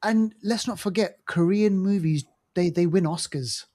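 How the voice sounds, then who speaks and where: A man's voice: sits high, measured pace, mellow. A man co-hosting a podcast, reviewing movies in a casual, enthusiastic, rambling way with lots of fillers and restarts. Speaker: podcast co-host.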